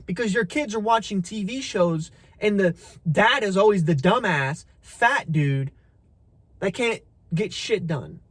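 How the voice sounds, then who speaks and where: A man's voice: high voice, expressive, a little slow, no room sound. Blunt, swearing young man ranting. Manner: blunt, profane, preachy, calls listener bro. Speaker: motivational content creator. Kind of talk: motivational rant to camera.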